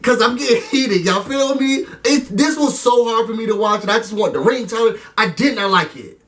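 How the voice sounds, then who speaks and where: A man giving a casual, animated recap and review of a TV episode, talking straight to his viewers. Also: sits high, a little fast, far from the mic. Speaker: TV recap vlogger.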